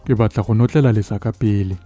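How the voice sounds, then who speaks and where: A man voicing a calm grown village cattle herdsman who speaks plainly. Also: fairly low pitch, quick pace, faint music behind, lightly acted.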